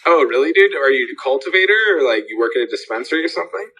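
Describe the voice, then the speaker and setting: Host of a live voice chat, male, very bright tone, slangy and profane, yelps into high voices to act out quotes. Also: expressive, very fast, rough recording. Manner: slangy, swearing, acts out loud high-pitched quotes in stories. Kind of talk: casual group voice chat.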